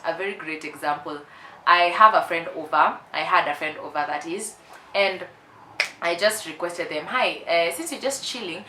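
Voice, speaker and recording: Young woman in her twenties, candid vlogger; low pitch, bright tone, roomy echoey sound. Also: background noise. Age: 20s. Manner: candid and emphatic, repeats herself for effect. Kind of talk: casual confessional vlog. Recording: roomy echo.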